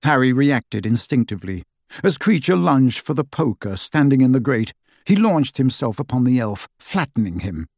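A man reading an audiobook narration in a measured, even storytelling voice. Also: medium pitch, no echo, studio quality. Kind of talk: scripted narration.

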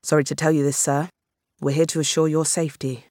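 A man's voice: fairly high pitch, level tone, a little fast, darkish tone, no echo, close to an everyday voice. A reader playing a tired fifty-ish police commander, grave and matter-of-fact. He delivers bad news plainly. The sound is dry and close. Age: 50s. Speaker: police superintendent.

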